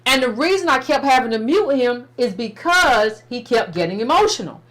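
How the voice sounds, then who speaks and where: Female show host, animated pitch, steady and reassuring with callers. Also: normal speed. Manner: firm and reassuring, calls listeners fam. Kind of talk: call-in talk show.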